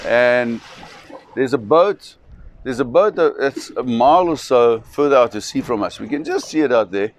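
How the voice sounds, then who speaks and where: A man's voice: mid-range voice, animated, normal speed. Brief: man recounting a tale with vivid energy, faint noise behind. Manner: vivid, restarting, acts out voices. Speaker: shark expedition operator. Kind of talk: dramatic storytelling.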